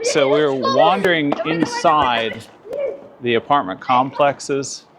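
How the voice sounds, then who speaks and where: Relaxed man from the United States outdoors. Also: medium pitch, takes it slowly. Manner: relaxed, observational, conversational. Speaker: guest vlogger. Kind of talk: casual walk-and-talk vlog. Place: outdoor city streets at night. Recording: noisy outdoor street.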